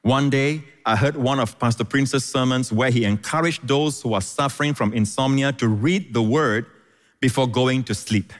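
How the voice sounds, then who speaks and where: Guy preaching a sermon, lots of amens and stumbles, middle pitch, echoey hall. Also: normal speed. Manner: repeats words, stutters and restarts, frequent amens. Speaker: pastor.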